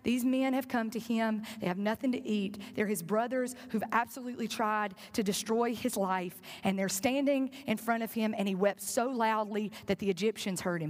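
A woman preaching with a high, bright-toned voice and a lilt. She retells the story earnestly and keeps turning to her congregation with questions. Her voice rings out with the long reverb of a large church hall. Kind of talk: sermon.

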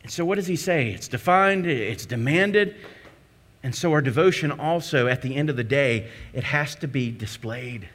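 A man's voice: medium pitch, lively intonation, moderate pace, fairly bright tone. A man preaching a sermon to his church, emphatic, with repeated phrases and rhetorical questions. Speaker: pastor.

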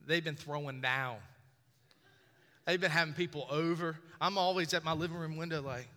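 A man's voice: a little high, fairly even intonation, moderate pace, pushed and bright. A man preaching a sermon as a pastor, conversational and joking, often putting questions to the congregation. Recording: long reverb of a large hall.

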